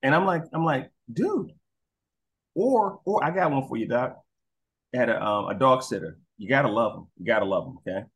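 A man telling stories in a casual interview as a guest. He swears freely and acts out dogs and people in quick voices. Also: medium pitch, expressive, vocal fry. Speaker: guest, crime scene investigator. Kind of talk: animated storytelling in casual interview.

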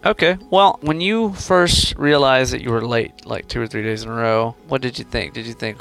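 A man hosts a conversational coaching interview, and his voice has a gravelly creak at a middling pitch. He keeps prodding with questions, playful but encouraging. Faint music sits quietly beneath him. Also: normal speed, hardly any pauses. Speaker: host coaching a student.

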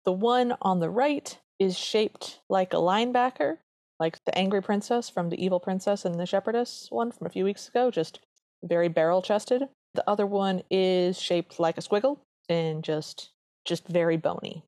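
A woman with a medium-pitched, darkish voice co-hosts a podcast, reviewing an old cartoon in a casual chat. She's earnest and chatty, tossing in quick asides. The recording is dry.

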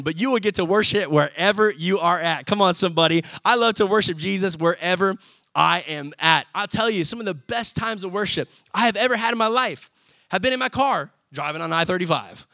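A young man preaching a sermon, energetic and conversational, often calling out to the congregation. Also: sits high, normal speed, no echo. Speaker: pastor.

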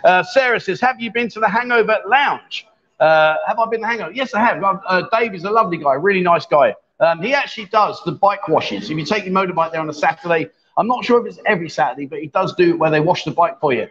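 Middle-aged male host, quick jokey chatter, muffled stream sound. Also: high voice, expressive, a bit bright. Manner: chatty, jokey, laughs often. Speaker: livestream host. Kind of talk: casual live-stream chat, reading viewer comments. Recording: dull lo-fi stream audio.

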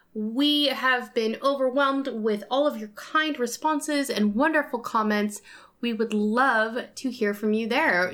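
Brief: woman host, mid-pitched, upbeat scripted intro and sponsor read. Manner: warm, upbeat address to listeners. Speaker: podcast host.

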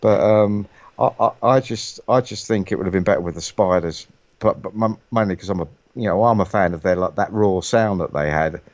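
A man's voice: sits low, fairly quick, a little mellow, dry recording, lo-fi sound. A middle-aged man from the UK chatting casually on a call, rambling with many stumbling restarts. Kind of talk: casual chat.

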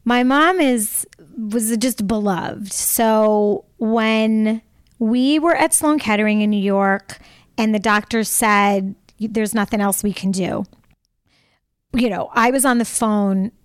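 A talkative woman guest telling stories in a casual interview, speaking in quick animated bursts. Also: medium pitch, smooth, no echo, studio quality. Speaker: podcast guest.

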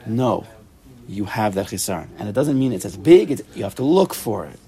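A man teaching an informal Torah study class, animated, repeating himself and restarting sentences, mixing in Hebrew and Yiddish terms. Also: fairly low pitch, a little fast, breathy edge. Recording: recorded in a study room for a tape.

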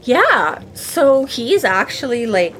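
A woman co-hosting a casual book discussion podcast, talking in an animated way, acting out characters in quick voices and swearing casually. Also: fairly high pitch, slight background noise. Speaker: podcast co-host.

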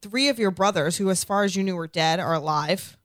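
A woman's voice: on the low side, fairly quick, no room sound, clean studio sound. A woman co-hosting a podcast, chatting casually and bluntly, swearing freely. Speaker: podcast co-host. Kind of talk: casual chat.

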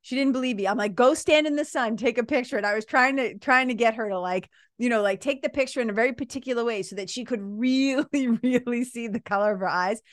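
A woman around fifty tells a story in an animated, casual way. She laughs as she talks and swears freely. Her voice sits a little high, and the close mic sounds dry. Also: quick pace, few pauses, no echo. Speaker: podcast host.

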